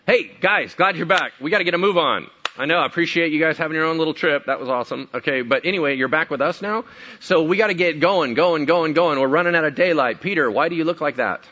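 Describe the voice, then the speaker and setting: A chatty male disciple, as a preacher puts him on hurries his friends along, teasing them in a raised, bright voice. He talks fast and keeps poking at them for answers. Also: a little high, dull audio, a little hiss or hum, pitched above the performer's own voice.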